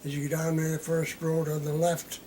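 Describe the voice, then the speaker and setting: A man's voice: a little high, completely flat delivery, fairly quick, dark tone, slight background noise, rough recording. An older man from Massachusetts, recalling his boyhood in a plain-spoken, wry way during an oral history interview at home. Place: living room at home.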